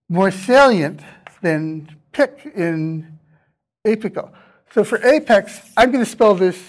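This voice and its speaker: A man giving a classroom lecture, explaining step by step, voicing sample vowel sounds to show them and taking questions from students. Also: high-pitched. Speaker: university lecturer.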